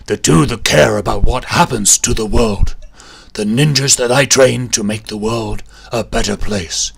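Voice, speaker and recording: A man voicing a stern old ninja master in a gravelly, solemn, deadpan tone. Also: medium pitch.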